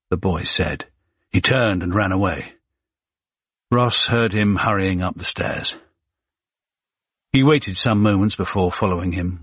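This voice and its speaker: A man narrating a suspense thriller audiobook with measured, suspenseful pacing. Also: on the low side, a bit bright, breathy edge, no echo, clean studio sound.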